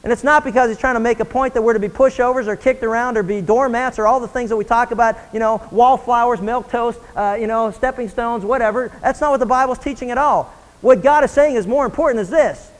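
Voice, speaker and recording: A man's voice: very high voice, quick pace, big-room sound, rough recording. A man preaching a sermon as a pastor, earnest and rising in intensity on key points. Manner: earnest preaching, rising and pressing when emphatic.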